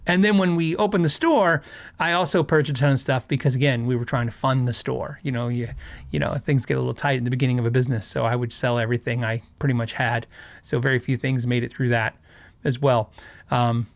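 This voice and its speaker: A man's voice: medium pitch, fairly even intonation, a little fast, no echo. A middle-aged man from Arizona hosting a casual livestream chat, telling stories with lots of fillers and restarts. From Arizona, USA. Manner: rambling, storytelling, frequent fillers and restarts, laughs often. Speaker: host.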